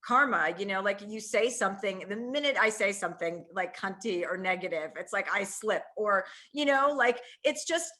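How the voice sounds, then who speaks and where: A woman in her forties speaks with a bright, forceful tone as a guest on a remote interview call. Her talk is candid and loose, with plenty of fillers as she works through her thoughts, at a mid pitch. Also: expressive. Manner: candid, fast-moving, heavy use of fillers like "you know". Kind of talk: casual conversational interview. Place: remote, on a call from a ski trip.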